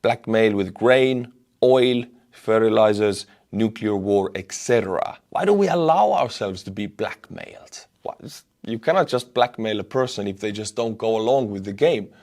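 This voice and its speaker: A man's voice: fairly low pitch, moderate pace, a little mellow. Blunt man. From Estonia. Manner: blunt, emphatic, rising to indignant outbursts. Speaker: war news commentator. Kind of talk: solo video commentary.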